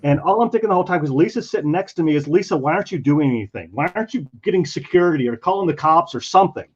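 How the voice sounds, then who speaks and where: Racing along in a high-leaning, slightly rough voice, a man who draws comics tells a convention tale casually while working on a drawing. He animatedly acts out the voices of the people involved, and the stream recording sounds dull and lo-fi.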